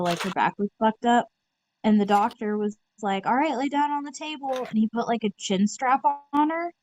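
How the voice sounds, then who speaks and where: A woman telling stories in casual chat, swearing freely and acting out what people said. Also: mid-range voice. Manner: animated storyteller, swears, acts out quotes.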